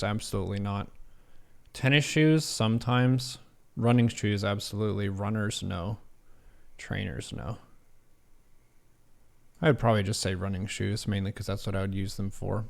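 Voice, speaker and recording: A man's voice: fairly low pitch, fairly even intonation, moderate pace, creaky. Man thinking aloud through a quiz. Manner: reads quiz questions aloud and muses over answers. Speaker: streamer. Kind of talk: casual livestream commentary.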